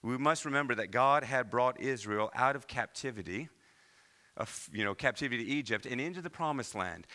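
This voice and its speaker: A man from Iowa preaching a sermon as pastor, with animated delivery and many rhetorical questions. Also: mid-range voice, normal speed. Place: church.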